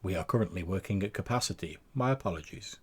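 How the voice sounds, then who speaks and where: A man's voice: sits low, animated, quick pace. A man narrating a tabletop game as game master, rambling with lots of fillers and restarts.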